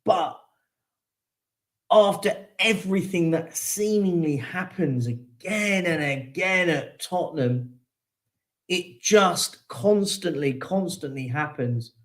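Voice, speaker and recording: A man's voice: fairly high pitch, lively intonation, slow pace. Frustrated young man ranting about football. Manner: frustrated, venting, repetitive emphasis. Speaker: football fan channel host. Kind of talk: live post-match reaction rant.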